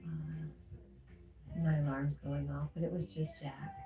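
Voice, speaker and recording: Woman streamer, mellow low voice, casual comment-reading host, often laughing. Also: flat delivery, a little slow. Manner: chatty, laughs often, reads chat aloud. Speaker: livestream host. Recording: roomy echo with faint music.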